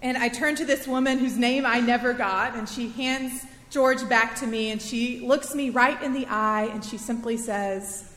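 A woman in her thirties telling a personal story as a sermon, in a chatty, animated storytelling way. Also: on the high side, moderate pace. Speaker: preacher. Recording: echoey hall with long reverb.

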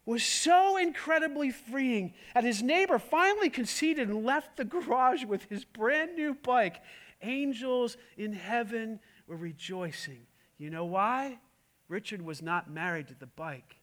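High-voiced preacher with emphatic delivery. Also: male voice, animated, moderate pace. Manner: emphatic, swings between loud and hushed, many rhetorical questions. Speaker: pastor. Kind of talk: sermon.

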